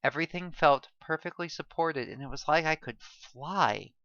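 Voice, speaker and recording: Bright, clear-voiced woman reading a novel. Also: low voice, normal speed, no room sound, highs cut off. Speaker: story reader.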